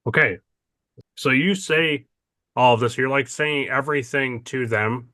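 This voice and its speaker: A man's voice: mid-range voice, measured pace, bright, forceful tone, no room sound. A man running a tabletop game as game master, narrating casually and hedging with "like" and "kind of".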